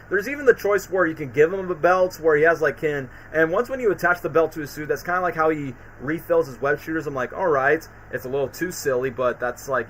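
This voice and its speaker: Bright-voiced man rambling on a stream. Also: a little high, a little hiss or hum, poor audio. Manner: rambling, heavy on fillers and restarts. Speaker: streamer host. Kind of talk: casual live-stream commentary.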